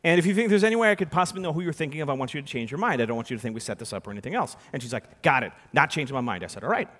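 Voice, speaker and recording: A young adult man giving a conference keynote, telling a story with sudden loud and soft turns on a stage microphone. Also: a little high, lively intonation, very fast. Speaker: keynote speaker. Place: large conference hall. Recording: long hall reverb.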